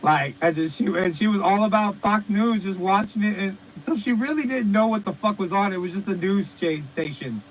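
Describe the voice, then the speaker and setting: High-voiced man, rambling and profane. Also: normal speed, hardly any pauses, a little hiss or hum, low-quality recording. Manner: rambling, profane, animated storytelling. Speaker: podcast co-host. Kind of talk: casual comedic chat.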